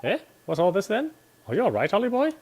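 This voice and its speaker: A man's voice: sits high, huge pitch swings, quick pace, darkish tone, a little hiss or hum, exaggerated voice. An actor playing a cheeky, bossy male sidekick in a video game, talking in brash, slangy scolds. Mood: alarmed.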